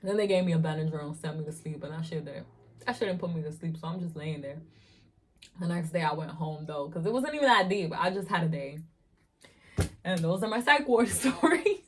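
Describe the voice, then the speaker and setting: Young woman vlogger, twenties; animated, profane storyteller who laughs a lot while eating on camera. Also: on the low side, a little fast, a little hiss or hum.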